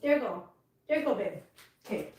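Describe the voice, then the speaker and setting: A cat channel vlogger chats casually at home in a living room with a hardwood floor, cooing at her kittens in sing-song baby talk. Her mid-range voice is animated and fairly quick, with a darkish tone and an echoey room sound.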